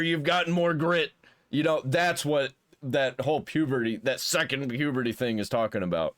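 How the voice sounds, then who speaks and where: Slightly high-voiced man, blunt commentary. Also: moderate pace. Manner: blunt, crude, rambling with restarts. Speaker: commentary host. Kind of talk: casual reaction commentary.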